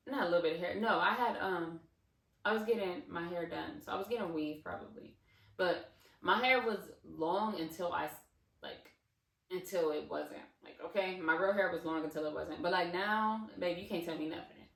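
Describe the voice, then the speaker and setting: A woman in her twenties telling a casual storytime on her channel, animated and digressive, with lots of fillers and asides. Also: on the low side, normal speed, gravelly. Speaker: vlogger. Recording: roomy, slightly distant mic.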